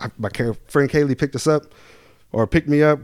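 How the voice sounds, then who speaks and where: A man's voice: mid-range voice, racing, darkish tone, dry recording, studio quality. A young man from Louisville, Kentucky, telling rambling, profane stories as a podcast guest. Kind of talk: casual storytelling.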